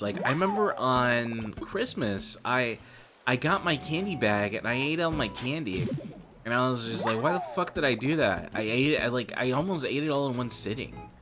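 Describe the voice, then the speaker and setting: A man streaming and chatting casually, rambling and cursing and calling the listener brother. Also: medium pitch.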